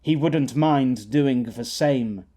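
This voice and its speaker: A man narrating an audiobook in a measured storytelling manner. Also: mid-range voice, mellow. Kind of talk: scripted narration.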